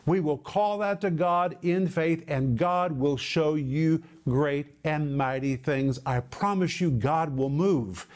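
A middle-aged man teaching from the Bible on a broadcast, stressing key words with slow, deliberate repetition. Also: on the high side, darkish tone.

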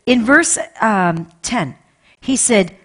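A woman preaching from the pulpit, her voice sitting higher than most. She presses her points with repetition, rising to loud emphasis and dropping to hushed, intimate asides. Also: expressive, slow. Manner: impassioned, repeats phrases, swings between loud and hushed. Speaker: pastor. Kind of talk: sermon.

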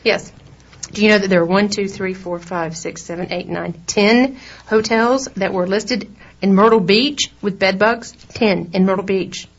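A woman's voice: medium pitch, measured pace. A middle-aged woman with a Southern accent co-hosting a radio talk show, chatting in a rambling, laughing way. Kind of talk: casual on-air chat. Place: radio studio. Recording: dull lo-fi radio recording.

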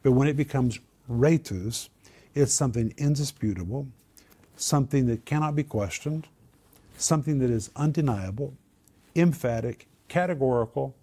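A man's voice: medium pitch, moderate pace, dark tone. A man teaching on Bible verses and word meanings, growing emphatic on key points. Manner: emphatic, builds to a raised voice on key words.

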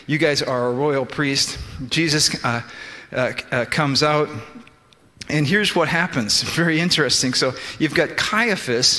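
This sermon comes from a man with a medium-pitched, bright, forceful voice. He explains scripture through many restarts and quotes the figures in it directly. Long reverb from the church sanctuary colors the recording.

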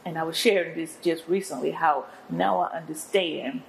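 A woman's voice: low-pitched, normal speed, creaky, a little hiss or hum, rough recording. An older woman, a guest apostle and pastor, telling her testimony in an interview in an earnest, preacherly way.

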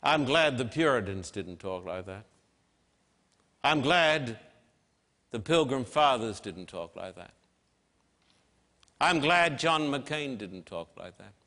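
A man preaching a sermon with emphatic, measured delivery and dramatic pauses. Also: medium pitch, animated, pushed and bright. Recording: long hall reverb.

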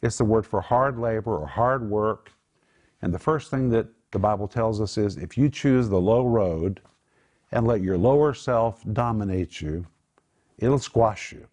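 A man's voice: fairly low pitch, measured pace, a little mellow. A man teaching from the Bible on a Christian talk show, earnest and emphatic, praying aloud for viewers.

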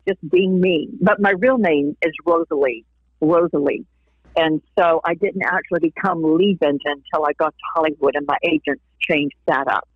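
A woman's voice: fairly low pitch, no room sound. A woman from Florida, a guest on an interview show, telling her faith story with lots of laughs and acted-out quotes. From Florida, USA. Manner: warm storytelling that laughs often and acts out quoted voices. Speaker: interview guest, singer and evangelist. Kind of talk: personal testimony in a casual interview. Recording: tinny phone-line audio, dry.

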